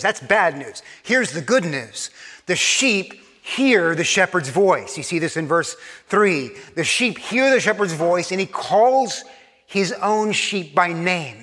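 A male pastor delivers an earnest sermon in a high, bright voice. He presses hard on his points, then sinks to a hushed, soft delivery. His voice rings out with the long reverb of a large church hall. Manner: earnest preaching, rising emphatic then dropping to hushed soft tones.

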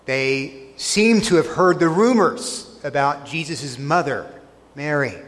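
A pastor delivering a sermon, his voice sitting a little high for a man. He retells scripture scenes earnestly and leans hard on key words. A long reverb trails each phrase, as in a large hall. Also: animated, unhurried.

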